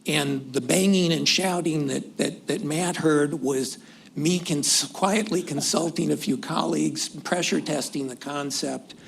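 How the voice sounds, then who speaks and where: Gravelly man at a panel. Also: a little high. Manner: measured, deliberate delivery with occasional restarts. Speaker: panelist, former senior government official. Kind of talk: panel discussion remarks. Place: conference hall event.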